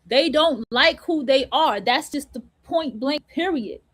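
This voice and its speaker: Woman host ranting on her show, high voice, blunt and cussing, slangy storytelling. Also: unhurried, a bit bright. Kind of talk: casual monologue on an online radio show.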